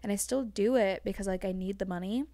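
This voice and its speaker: A young woman talks openly as a guest in a relaxed conversation. Her phrasing is loose and peppered with "like". The recording is close and dry, with no room echo. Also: mid-range voice. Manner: frank, fast-flowing, heavy use of "like". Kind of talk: casual chat.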